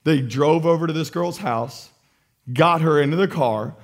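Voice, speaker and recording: A male pastor preaching a sermon with passion, swinging between loud exhortation and hushed emphasis. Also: fairly high pitch, moderate pace.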